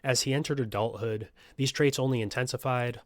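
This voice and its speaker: A man's voice: medium pitch, steady tone, fairly quick, no echo, studio quality. A man hosting a true crime podcast, reading a script and breaking off into joking, profane asides. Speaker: podcast host.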